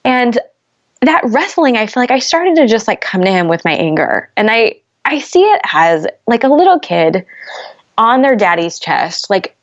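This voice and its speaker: A woman's voice: mid-range voice, big pitch swings, moderate pace. A young woman talking candidly as a podcast guest, earnest and emotional, leaning heavily on "like" as she talks. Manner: earnest, heavy use of "like", rising intensity. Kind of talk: candid conversational storytelling. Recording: slightly dull lo-fi podcast audio.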